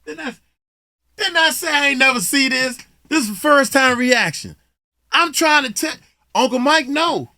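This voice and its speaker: An animated man gives casual reaction commentary, his pitch swinging widely as he lectures in a loose, colloquial style. The recording is dry and close, with no room sound. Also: moderate pace, no room sound. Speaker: host reacting to a video.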